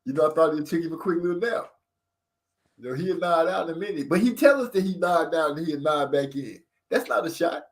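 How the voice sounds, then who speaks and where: A man's voice: on the high side, a little fast. A man hosting a casual live boxing chat at a home mic. He talks loosely and jokes at his own expense. He breaks off now and then to read viewer comments. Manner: joking, self-deprecating, reads chat aloud. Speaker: channel host.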